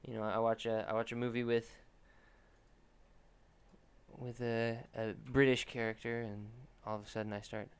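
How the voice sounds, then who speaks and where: A man's voice: mid-range voice, little pitch movement, moderate pace, pauses often, smooth. A young man streaming himself drawing, chatting casually and thinking aloud with lots of restarts. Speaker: artist streaming a drawing session. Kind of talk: casual commentary while drawing.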